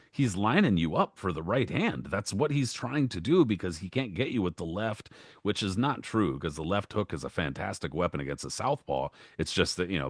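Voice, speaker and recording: A man with a very low voice talks in casual podcast chat, laying out his points in plain, matter-of-fact detail. He swears casually, and the recording is close and dry with no room sound. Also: dry recording. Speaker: podcast co-host.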